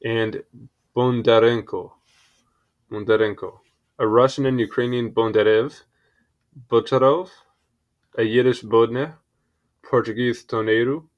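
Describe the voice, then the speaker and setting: A man's voice: mid-range voice, dull audio. A young man casually reading an encyclopedia article aloud, stumbling over foreign words and adding apologetic asides.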